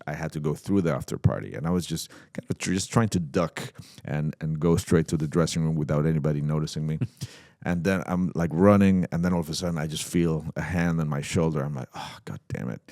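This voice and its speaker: A man's voice: extremely low pitch, dry recording, studio quality. A middle-aged man from Mexico, a guest telling stories in a casual interview and acting out the dialogue. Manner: animated storyteller who acts out dialogue. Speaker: guest musician. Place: podcast set at a trade show.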